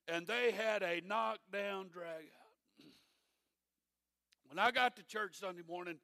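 A man's voice: high-pitched, creaky, sharp tone, no room sound. A middle-aged man preaching a sermon as a pastor, telling folksy stories with dry humor.

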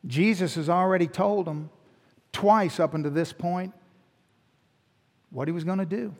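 A man's voice: high-pitched, unhurried, vocal fry, a little mellow, big-room sound. A male pastor preaching a sermon in a conversational teaching manner, asking rhetorical questions and restarting phrases. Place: church sanctuary.

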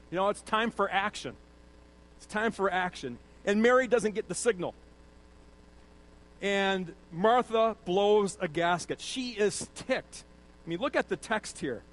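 A man's voice: high voice, rough recording. A middle-aged male pastor giving a casual, conversational sermon from a church stage, asking the congregation questions. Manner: conversational, animated, asks the audience questions. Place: church stage with a slide screen.

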